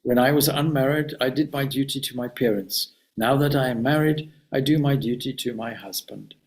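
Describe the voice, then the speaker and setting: A man voicing a humble, dutiful ordinary woman in a read-aloud story, speaking gently and plainly. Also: mid-range voice, normal speed, close to an everyday voice. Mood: calm.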